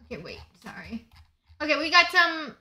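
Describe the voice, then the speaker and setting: A young woman co-hosting a casual livestream, excitable and chatty, reading viewer messages aloud. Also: high-pitched, moderate pace. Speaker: livestream co-host.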